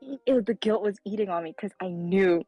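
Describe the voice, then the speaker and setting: A young woman recounts a personal story as a guest on a live stream, acting out each line of dialogue with animated voice changes. Her voice sits at a middle pitch. It sounds dry and close to the mic. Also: brisk, no room sound, highs cut off, soft background music. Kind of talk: casual storytelling.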